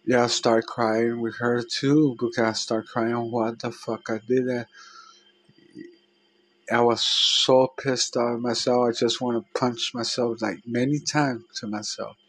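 A man telling a personal story in a halting, emotional way, with many restarts and trailing phrases. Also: mid-range voice, flat delivery, fairly bright tone, no room sound, poor audio.

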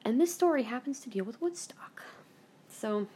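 A woman hosting a show, telling a story from her own life in a casual, rambling way, blunt and quick to swear. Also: on the high side, lively intonation, warm tone, slightly rough. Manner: chatty and blunt, swears freely; rambling, with many fillers and self-corrections. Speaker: podcast host.

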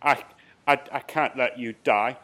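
A man's voice: mid-range voice, steady tone, measured pace, bright, forceful tone, pitched above the performer's own voice. A man voicing an elderly male butler who pleads fretfully and worries over his master. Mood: pleading. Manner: fussy, anxious pleading.

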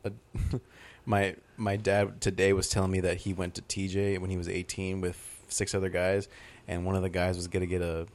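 Animated storytelling man on a podcast. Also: low-pitched, moderate pace. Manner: animated storyteller, acts out quoted voices. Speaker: podcast guest. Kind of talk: casual chat.

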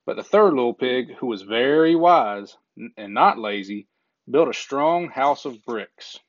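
A man reading a children's story aloud in a gentle, measured way, with small slips now and then. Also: mid-range voice, expressive, dry recording. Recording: dull lo-fi recording.

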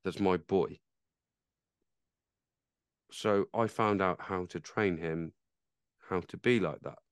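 Low, smooth-voiced man chatting. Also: takes it slowly, dry recording, studio quality. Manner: chatty, swears, trails off and restarts. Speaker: podcast host. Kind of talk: casual pub chat.

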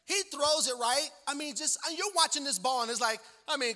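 Man, guest pastor, comic storyteller in a sermon; bright voice in an echoing sanctuary. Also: very high voice, lively intonation, normal speed, few pauses. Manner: joking, conversational, many fillers. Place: church sanctuary. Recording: long church-hall reverb.

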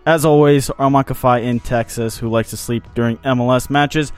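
A man's voice: medium pitch, fairly even intonation, normal speed, smooth, faint music behind. A man from the United States hosting a soccer podcast in casual chat, teasing his co-hosts and laughing often. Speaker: podcast host.

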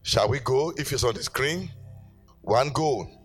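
A man's voice: mid-range voice, lively intonation, measured pace, breathy edge, soft background music. A middle-aged man preaching a sermon as pastor, telling stories with energy and calling out to his congregation in rising, sing-song exhortations. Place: church.

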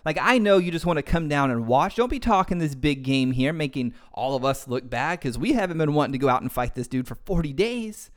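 A man's voice: a little high, lively intonation, brisk, hardly any pauses, lightly acted. A man voicing an annoyed older brother who scolds his younger sibling in slang. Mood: irritated. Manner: slangy, irritated.

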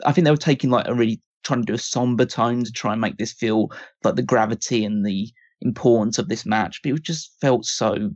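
A man's voice: mid-range voice, a little fast, few pauses, darkish tone, no echo, highs cut off. A man co-hosting a casual podcast chat, talking critically in loose, rambling sentences full of fillers. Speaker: podcast co-host.

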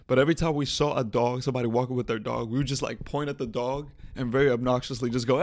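Young dude riffing on his podcast, crude jokes, gravelly voice, dry close mic. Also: mid-range voice, fairly even intonation, rapid-fire, few pauses, no echo. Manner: joking, irreverent, swears a lot, laughs at own bits. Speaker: podcast host. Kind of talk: casual solo podcast rant.

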